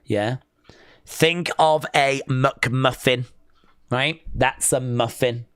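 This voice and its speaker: An English man hosting a casual live stream, reading out comments and ribbing his viewers. He talks in an unhurried, drawn-out way. His voice is close and dry, with no room sound. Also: mid-range voice, fairly bright tone, smooth, dry recording. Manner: playful and teasing, bantering with chat.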